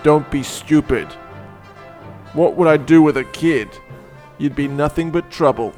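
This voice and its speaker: A man's voice: a little high, unhurried, a little mellow, soft background music, lightly acted. A man voicing a curt, dismissive adventurer from a storybook, read aloud.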